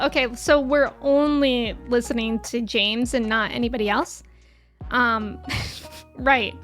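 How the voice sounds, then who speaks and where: A young American woman with a high-pitched, slightly bright voice streams a game while chatting casually with her live viewers. She rambles freely and laughs often.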